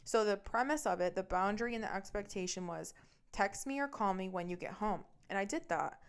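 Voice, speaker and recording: A woman's voice: mid-range voice, smooth. Blunt, foul-mouthed woman podcast host. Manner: blunt, swears often; fast, animated retelling. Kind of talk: casual storytelling monologue.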